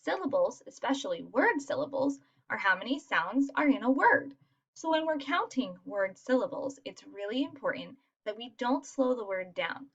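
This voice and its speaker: A woman's voice: a little high, very animated, moderate pace, fairly bright tone, slightly rough. A woman teaching a lesson to young children in an encouraging classroom voice. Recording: dull lo-fi recording.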